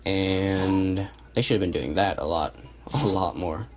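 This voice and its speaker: Low-voiced man narrating his own match. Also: a little slow. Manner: relaxed, self-correcting, thinks aloud. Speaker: gameplay commentator. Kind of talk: casual match commentary over gameplay. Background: music.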